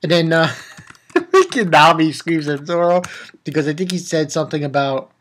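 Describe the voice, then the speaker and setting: A man recaps a cartoon episode in a loose, rambling way, laughing and swearing as he goes. His pitch moves a lot, rising and dropping as he acts out lines. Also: expressive, normal speed, fairly bright tone. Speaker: anime reviewer.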